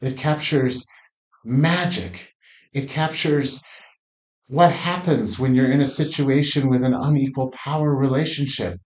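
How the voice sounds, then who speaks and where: A man's voice: mid-range voice, fairly even intonation, a little mellow. Man telling a story in a roomy echo. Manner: unhurried with frequent "uh" pauses. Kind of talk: personal storytelling. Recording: roomy echo, faint music.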